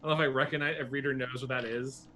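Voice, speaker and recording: A man playing a tabletop game, talking casually and explaining his moves with quick restarts. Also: mid-range voice, slight background noise. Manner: lively, stumbling restarts. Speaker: player.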